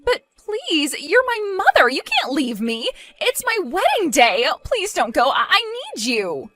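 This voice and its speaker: A woman's voice: high-pitched, huge pitch swings, normal speed, bright, forceful tone, faint music behind, heavily acted. A woman voicing a whiny spoiled bride. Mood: pleading. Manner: whiny, pleading, petulant.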